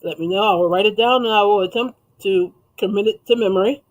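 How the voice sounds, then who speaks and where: A man's voice: high voice, fast, poor audio. A man hosting a casual livestream chat, talking easily with viewers, reading their comments aloud and laughing often. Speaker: livestream host.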